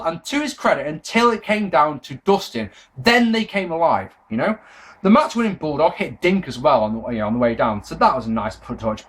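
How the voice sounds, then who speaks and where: A male wrestling reviewer talking straight to his audience in a loose, casual monologue. He is sarcastic and sweary, and exasperated by what he is watching. His voice is lively, jumping up high and dropping low as he goes.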